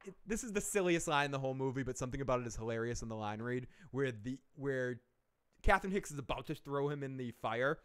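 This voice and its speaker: Animated rambling man, smooth voice. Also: medium pitch, quick pace. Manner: rambling, animated, with self-corrections and swearing; laughs at his own jokes. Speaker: movie reviewer, live-stream host. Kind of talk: casual rambling film recap.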